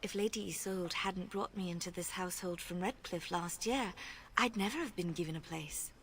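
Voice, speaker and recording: A woman voicing a timid young elf housemaid who speaks politely, hurried and apologetic. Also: fairly low pitch, a little hiss or hum, natural voice.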